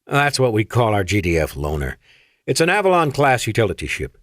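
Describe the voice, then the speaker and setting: A man's voice: fairly low pitch, huge pitch swings, a little fast, fairly bright tone, no echo, studio quality. A male narrator voicing a brusque young military colonel who speaks in clipped commands. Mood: commanding.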